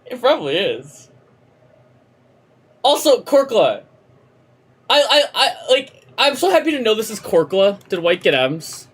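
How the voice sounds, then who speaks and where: Streaming a game live, a young adult woman rants and chats with lots of profanity, staying animated. Her fairly high voice is slightly rough, and she keeps a measured pace with frequent pauses.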